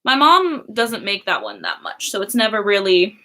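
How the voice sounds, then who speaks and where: A woman's voice: medium pitch, wildly swooping pitch, normal speed, pushed and bright. A young woman chatting casually on a livestream, reading chat and laughing often. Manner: giggly, chatty, many fillers.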